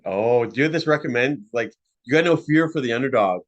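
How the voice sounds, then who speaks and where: A man rambles casually about bands and artists, his sentences full of "like" and "you know". He talks at a middling pitch, and the recording sounds dry and close. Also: animated, a little fast, no echo, lo-fi sound. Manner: rambling and chatty, often saying "like" and "you know". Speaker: podcast guest, musician. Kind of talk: casual conversation.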